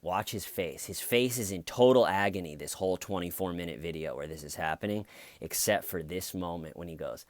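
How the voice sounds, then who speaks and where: A man hosting comedic true crime commentary, an animated storyteller who acts out the quotes. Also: sits low, a little fast, no echo. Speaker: channel host.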